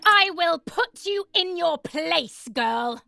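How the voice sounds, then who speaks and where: A cold, menacing mother scolds in a harsh, high voice that rises and falls widely. She talks slowly, with threat in every word. Faint music plays behind her. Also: expressive, creaky, sharp tone, full character voice. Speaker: game character. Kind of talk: video game voice acting.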